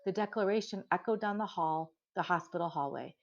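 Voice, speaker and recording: Woman narrating a storybook, low voice. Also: brisk. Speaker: audiobook narrator. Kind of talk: scripted narration. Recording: dull lo-fi recording.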